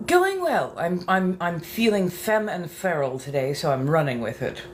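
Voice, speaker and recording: A woman chatting softly as an ASMR creator at home, musing unhurriedly and practicing phrases aloud. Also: fairly low pitch, animated, normal speed, slight background noise. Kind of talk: soft-spoken ASMR chat. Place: home apartment.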